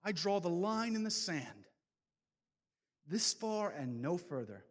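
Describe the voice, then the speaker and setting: A man giving a fervent, preacher-style testimony talk that builds to loud exhortations. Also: extremely high pitch. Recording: long hall reverb.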